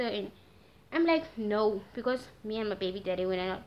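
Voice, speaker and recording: A nineteen-year-old woman from Namibia with a Namibian accent, telling a story in a casual, animated vlog and slipping into Afrikaans slang. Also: medium pitch, moderate pace, a little hiss or hum. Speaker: vlogger. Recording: dull lo-fi sound with faint music.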